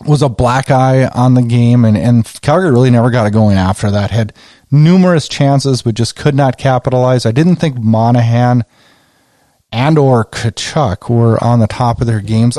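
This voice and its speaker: Podcast host, male, warm mellow tone, dry close sound, chatty and excitable recap delivery. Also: mid-range voice, normal speed, no echo. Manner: excitable, conversational, retells his own reactions. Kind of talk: casual game recap commentary.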